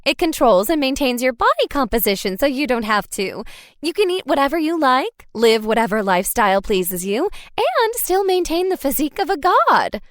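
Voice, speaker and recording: A woman voicing a perky guide who speaks in a bright, sing-song, salesy way in an audiobook. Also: high voice, sing-song, moderate pace, no echo, studio quality. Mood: chirpy.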